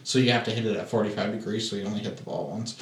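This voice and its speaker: Male podcast co-host, relaxed explainer, recorded off-mic in a roomy space. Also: lowish voice, rapid-fire, far from the mic. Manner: laid-back, explains things plainly with casual swearing. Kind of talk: casual chat.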